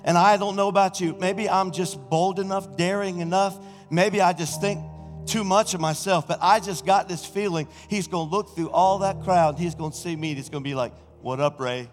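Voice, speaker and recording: Exuberant pastor shouting praise. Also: male voice, sits high, normal speed, faint music behind. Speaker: senior pastor. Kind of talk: sermon. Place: church sanctuary. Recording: reverberant church hall.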